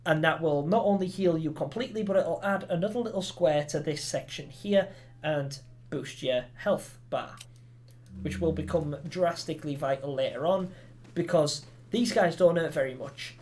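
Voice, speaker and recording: A gamer from Romania giving chatty, filler-heavy let's play commentary that bursts into excited yelps. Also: medium pitch, normal speed. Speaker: gaming commentator.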